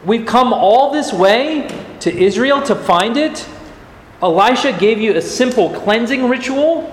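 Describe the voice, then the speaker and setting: A humble servant gently coaxes his master, pleading and reasoning in a lively, high-pitched voice, as a preacher voices him. It rings out in a large, echoey hall with a long reverb. Faint room ambience hums behind him. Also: measured pace, a little hiss or hum. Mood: coaxing.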